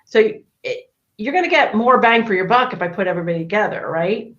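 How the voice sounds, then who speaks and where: A woman's voice: medium pitch, a little fast, fairly bright tone. Middle-aged woman, talkative, many fillers and restarts, video call, dull muffled audio. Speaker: guest, autism expert and parent. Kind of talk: casual interview chat.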